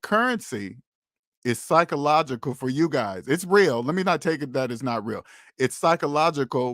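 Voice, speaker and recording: A man's voice: fairly high pitch, no room sound, studio quality. A man hosting a finance channel, talking to viewers in a casual, emphatic monologue full of rhetorical questions and repeated "okay?".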